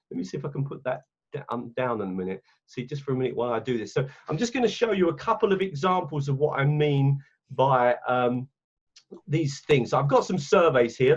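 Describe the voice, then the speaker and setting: A man's voice: fairly high pitch, slightly rough, muffled recording. A man with an English accent leading an online webinar for teachers, chatty and often correcting himself as he clicks through his screen. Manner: chatty, self-correcting, talks while clicking around. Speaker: teacher trainer. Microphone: computer mic on a video call.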